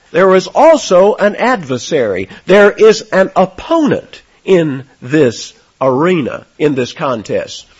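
A man preaching an expository sermon, stressing words hard and dropping to a near hush for effect. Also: fairly high pitch, slightly rough, muffled recording. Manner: emphatic, swings between loud and soft for stress. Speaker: pastor.

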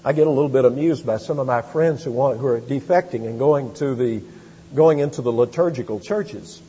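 A man preaching a sermon as pastor, with animated emphasis and quick asides. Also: medium pitch, slightly rough. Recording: dull, lo-fi sound with long hall reverb.

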